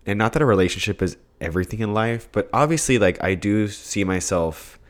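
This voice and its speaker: A young man with a very low, deep voice chatting on a podcast. He talks in a laid-back, rambling way, often trailing off and laughing as he goes. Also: brisk. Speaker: podcast co-host. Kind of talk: casual chat.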